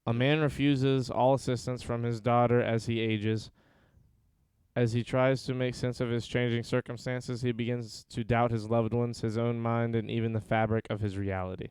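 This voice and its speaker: A man's voice: medium pitch, level tone, moderate pace, a little mellow, clean tone, no echo. A man co-hosting a casual podcast, reading film synopses aloud with dry, sarcastic asides between them. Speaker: podcast co-host.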